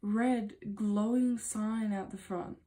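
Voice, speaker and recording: A woman's voice: mid-range voice, fairly even intonation, takes it slowly, warm tone, soft background music, close to an everyday voice. A woman voicing an insistent, irritated woman customer on the phone who keeps repeating herself.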